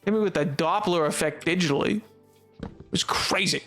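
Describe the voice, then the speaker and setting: A man's voice: high voice, normal speed, fairly bright tone, soft background music. A young man streaming and chatting casually with his chat, rambling and joking with lots of fillers and restarts. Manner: rambling, jokey, self-interrupting with fillers.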